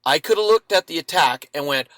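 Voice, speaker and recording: A man in his fifties telling a dramatic personal story as a podcast guest, with lively acted-out quotes. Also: fairly high pitch, brisk, no room sound.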